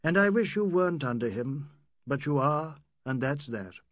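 A man doing a reserved English gentleman. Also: fairly high pitch, animated, moderate pace, no room sound, clean studio sound. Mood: measured. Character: composed middle-aged Englishman, reserved and fair.

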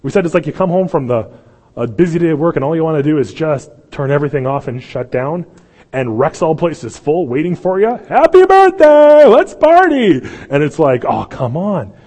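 In a church sanctuary, a pastor with a higher-than-average voice preaches a sermon at a fairly quick clip, the sound filling a large hall. He tells the story with energy, acting out the voices of its characters.

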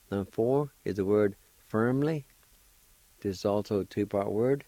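A man hosting a pronunciation lesson, sounding out words syllable by syllable and repeating them slowly. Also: fairly low pitch, dark tone, dry recording. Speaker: language teacher and radio host.

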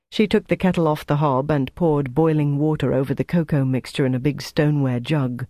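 An audiobook narrator reading a wartime novel in an even, measured way. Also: medium pitch, no room sound. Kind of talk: scripted narration.

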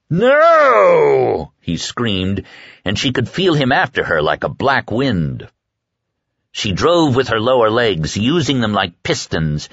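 A man narrating a horror audiobook in a dramatic, expressive storytelling manner. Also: lowish voice, dry recording, dull audio. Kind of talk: scripted narration.

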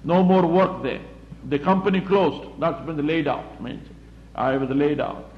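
Male preacher, slightly high voice, roomy muffled recording. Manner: plain-spoken, repetitive, halting with fillers. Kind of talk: sermon. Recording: roomy, muffled recording with faint background hum.

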